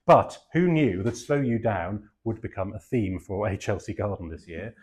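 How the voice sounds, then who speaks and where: A man's voice: fairly low pitch, normal speed, few pauses, a little mellow, husky. Chatty middle-aged English man, rambling. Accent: southeast English. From England. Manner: rambling and self-deprecating, many fillers. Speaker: garden designer giving a talk. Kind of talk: chatty public talk.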